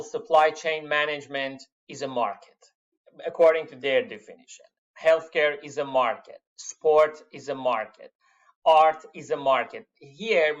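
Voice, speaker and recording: A man giving a university lecture to his students, halting with many fillers, stressing key words and calling the class "my friends". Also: a little high. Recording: dull lo-fi lecture recording.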